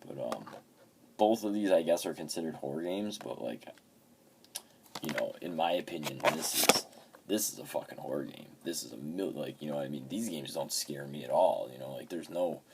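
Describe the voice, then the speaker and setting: A man's voice: rumbling low, lively intonation, moderate pace, vocal fry, background noise. A man in his fifties casually talking about his video game pickups, swearing often and telling rambling stories. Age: 50s. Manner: profane, rambling storyteller. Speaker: game collector.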